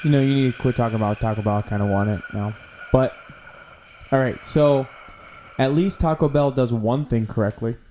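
A man's voice: medium pitch, fairly quick, warm tone, a little hiss or hum. A man co-hosting a casual podcast, giving strong opinions in dry, easygoing banter. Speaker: podcast co-host.

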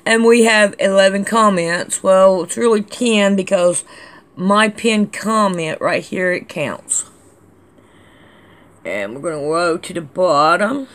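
A woman's voice: mid-range voice, takes it slowly. A woman hosting a casual vlog, reading out viewer comments in a chatty, scolding, drawling way. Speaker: channel host reading comments.

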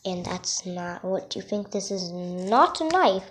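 A woman casually showing off her drawings, halting and self-conscious, often apologizing. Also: medium pitch, expressive. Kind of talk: casual show-and-tell. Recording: noisy home recording.

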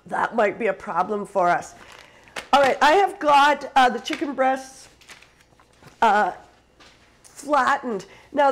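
A woman from Canada hosts a casual live cooking stream. She talks to her viewers in a chatty way and laughs often as she cooks. Her voice sits a little high. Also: a little hiss or hum, rough recording. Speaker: cooking show host.

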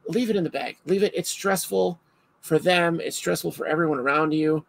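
A man hosting a casual chat, telling stories in an animated way and laughing often. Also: a little high, a little fast, gravelly, poor audio.

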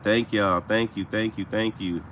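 A man hosting a casual live stream while walking through a cemetery, chatting with viewers and giving them shout-outs, recorded outdoors on a handheld phone. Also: lowish voice, steady tone, measured pace, a little hiss or hum. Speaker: paranormal show host, live streamer. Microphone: handheld phone camera.

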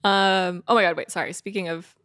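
A woman co-hosting a casual finance podcast, chatty and animated, laughing often. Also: fairly low pitch, a little fast, no echo, studio quality. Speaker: podcast co-host, financial advisor.

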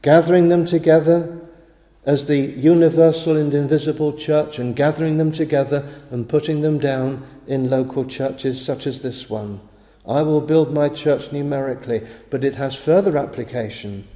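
Male pastor, sermon, dark mellow voice, halting restarts, roomy chapel echo. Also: fairly high pitch, steady tone. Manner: measured preaching with halting restarts. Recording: echoey chapel with long reverb.

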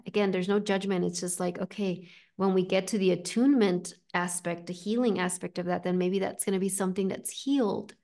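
A woman hosting a guided spiritual talk over a video call, speaking gently and reflectively with frequent "right?" and "like". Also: mid-range voice, steady tone, a little fast, few pauses. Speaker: host and spiritual teacher.

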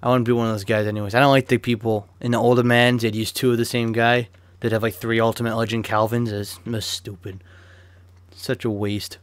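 A man's voice: mid-range voice, little pitch movement, fairly quick, dry recording. A young man giving casual, chatty commentary on a football video game as he opens card packs, swearing freely and flaring up in sudden rants. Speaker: gaming YouTuber.

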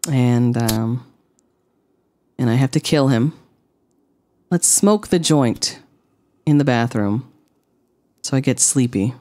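A woman streaming a game, chatting to her viewers with rambling, deadpan jokes. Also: a bass voice, slow pace, long pauses. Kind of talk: casual gameplay commentary.

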